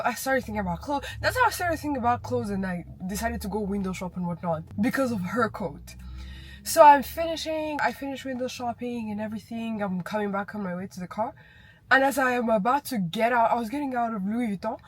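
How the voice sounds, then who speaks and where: Chatty animated young woman vlogging. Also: fairly high pitch, slightly rough. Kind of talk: casual vlog chat. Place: outdoors in a city.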